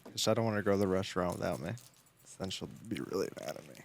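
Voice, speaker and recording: Man, quick talker, low voice, casual offhand chat. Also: creaky, a little hiss or hum.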